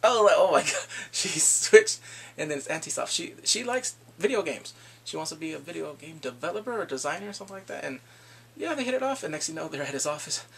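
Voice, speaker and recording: A man casually recapping a drama, animated and laughing often as he acts out the scenes. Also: a little high, quick pace, creaky, slightly rough. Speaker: drama reviewer.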